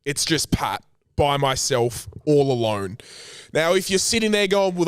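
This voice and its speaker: A man's voice: high voice, dry recording, studio quality. A young man with an Australian accent hosting a casual solo podcast, talking in a brash, profane, teasing way. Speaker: podcast host.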